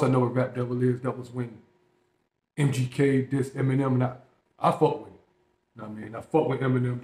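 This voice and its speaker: Casual reaction host, male, slangy and emphatic, mid pitch, echoey room. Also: a little mellow. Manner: slangy, emphatic, talks straight to viewers.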